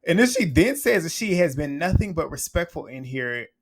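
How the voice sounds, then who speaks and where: A man's voice: a little high, big pitch swings, moderate pace. A man giving a casual recap of a reality TV episode, chatty and blunt, swearing freely and laughing often as he acts out what people said.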